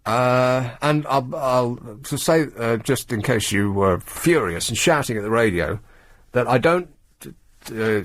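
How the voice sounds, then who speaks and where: A man hosting a talk radio show, riffing sardonically on news stories with mocking asides. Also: medium pitch. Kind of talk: late-night radio monologue. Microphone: studio microphone.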